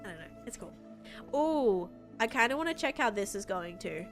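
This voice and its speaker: Woman streamer, bubbly and chatty, talks over clear game music. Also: mid-range voice, sing-song, normal speed. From United States. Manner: bubbly, chatty, reads out chat comments. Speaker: livestreamer. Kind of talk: casual live-stream chat while gaming.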